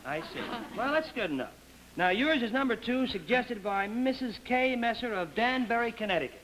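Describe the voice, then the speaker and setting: A genial man hosts a 1960s TV game show with a fairly high voice for a man. The old broadcast audio carries a steady hiss behind him. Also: normal speed, rough recording.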